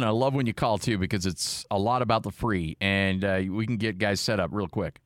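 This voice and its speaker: A man's voice: fairly low pitch, a little fast, few pauses, no echo, studio quality. A man hosting a radio show, bantering casually with his co-host in a joking way and reading sponsor plugs.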